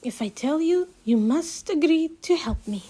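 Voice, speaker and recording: A woman voicing a mysterious older female psychic teacher in a storybook reading, speaking in a hushed, cryptic way that slips into whispers. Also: high-pitched, animated, normal speed, voice pushed up.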